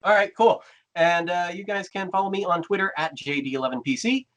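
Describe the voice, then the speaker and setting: A man hosting a podcast, chatting casually and signing off the episode with quick patter. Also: high voice, fairly bright tone. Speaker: podcast host. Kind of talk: casual chat.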